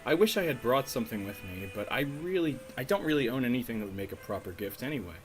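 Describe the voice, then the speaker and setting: An earnest, wistful young heroine, read aloud by a man in an ordinary voice with a lively, rising and falling pitch as he plays a story game. Faint game music runs behind. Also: fast talker, natural voice, rough recording. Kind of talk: reading game dialogue aloud.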